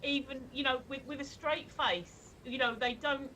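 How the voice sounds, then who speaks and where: A woman's voice: high voice, steady tone, normal speed, sharp tone, rough recording. A woman co-hosting a live stream, talking in a chatty, rambling way full of fillers and restarts. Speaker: co-host of a live stream show. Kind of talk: casual live-stream chat. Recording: faint background noise.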